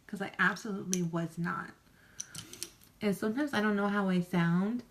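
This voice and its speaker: A woman's voice: medium pitch, moderate pace, a little hiss or hum. A woman chatting casually in a rambling, self-deprecating and folksy way while doing her makeup on camera. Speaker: makeup vlogger. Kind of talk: casual get-ready-with-me chat.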